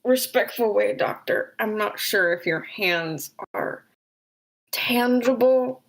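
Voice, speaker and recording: A woman's voice: mid-range voice, slow pace, gravelly, crowd noise, rough recording. A woman playing a tabletop game, chatting and describing her character's actions. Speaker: player.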